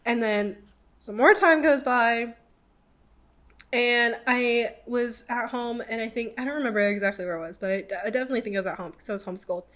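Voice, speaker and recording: A woman in her twenties hosting a podcast, telling a story casually with lots of "like" fillers and animated quoting of people. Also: on the high side, brisk. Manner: chatty, filler-heavy with many "like"s. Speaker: podcast host.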